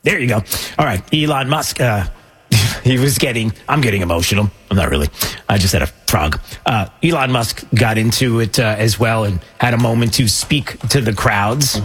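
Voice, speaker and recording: A man's voice: medium pitch, normal speed, a bit bright, breathy edge. A man hosting a commentary show, rambling with lots of fillers and joking at himself. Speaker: show host. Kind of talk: casual news commentary.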